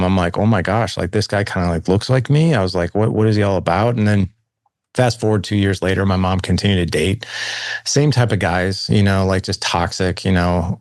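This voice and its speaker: A middle-aged man with a deep, low voice recounts his own childhood in a candid, conversational way, slipping into the voices of people he quotes. The sound is dry and close, with no room around it. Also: no echo. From St. Louis, USA. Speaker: podcast guest. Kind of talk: personal storytelling interview.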